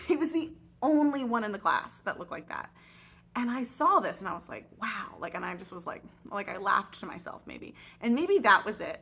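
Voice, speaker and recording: A young adult woman, a teacher, telling a chatty, expressive storytime vlog with lots of fillers. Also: medium pitch, breathy edge.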